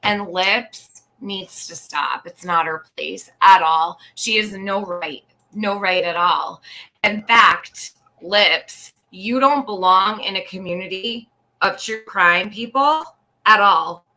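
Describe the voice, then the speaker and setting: A woman's voice: mid-range voice, slow, pushed and bright, rough recording. A woman commenting on a livestream, scolding someone bluntly and repeating her points for emphasis. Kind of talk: indignant live-stream commentary.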